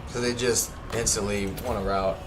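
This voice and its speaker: A man's voice: lowish voice, fairly even intonation, normal speed, over music. A young man streaming a strategy game, chatting casually and rambling, with many fillers and self-corrections. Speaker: gaming streamer. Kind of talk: casual livestream commentary.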